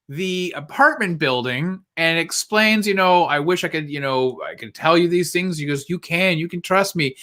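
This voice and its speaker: A man with a high-pitched, sharp voice co-hosts a casual live podcast. He animatedly retells movie scenes, acting out the characters' lines and laughing along.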